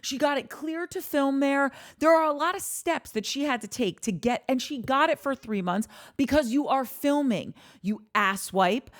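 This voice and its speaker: A woman from New Jersey co-hosting a casual podcast, recapping a reality show in heated, animated rants. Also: sits high. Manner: heated, ranting, animated storytelling. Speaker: podcast co-host.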